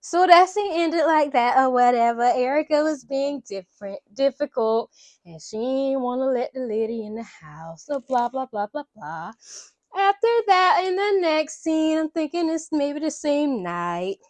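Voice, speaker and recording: A woman casually recapping a movie in a chatty, animated, slangy way, cursing freely. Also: high voice, measured pace, no room sound. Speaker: vlogger.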